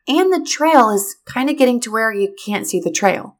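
A middle-aged woman telling a personal story to teachers, animated and speaking straight to her listeners. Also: medium pitch, normal speed, hardly any pauses. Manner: animated, addresses listeners directly.

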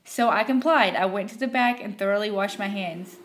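A woman telling a story from her fast-food job in an animated way, acting out the characters. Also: medium pitch, slight background noise. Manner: animated, acts out every character. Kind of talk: storytelling narration.

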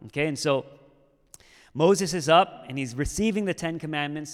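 Guy preaching, chatty sermon style, smooth voice, big echoey church hall. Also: a little high. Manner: conversational, with frequent "okay?" and "right?" check-ins. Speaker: pastor. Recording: long hall reverb.

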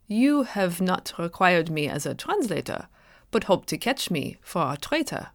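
A man's voice: sits high, very animated, a little slow, vocal fry, a bit bright, no echo, studio quality, heavily acted. A woman voicing a dignified colonial pastor, bewildered at an accusation, speaking formally and with measure.

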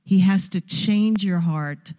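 This guest speaker, a middle-aged woman from Long Island, New York, preaches a heartfelt, conversational sermon exhortation with asides in a church sanctuary. Her voice is on the low side and dark, her pace slow, and the sound is like a large hall.

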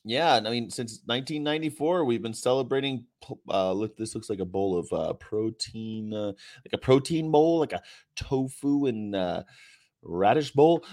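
A man's voice: medium pitch, darkish tone. A man hosting a casual livestream from a hotel room, reading viewer comments with a sarcastic, joking, rambling manner. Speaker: vegan activist livestream host.

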